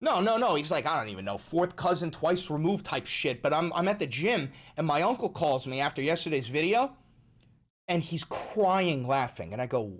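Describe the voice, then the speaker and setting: Male livestreamer, casual and profane, repeats lines for emphasis, very animated pitch. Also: moderate pace. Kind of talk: casual livestream chat, reading chat.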